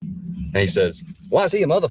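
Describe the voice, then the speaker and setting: A man's voice: fairly high pitch, big pitch swings, fairly quick, a little mellow, slightly rough, no room sound, distant mic, faint music behind. A man recounting his arrest in a blunt, profane way. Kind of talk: personal account.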